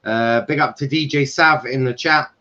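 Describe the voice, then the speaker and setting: A man's voice: medium pitch, normal speed, pushed and bright, highs cut off. A man hosting a casual football transfer live stream, laughing often and swearing sarcastically.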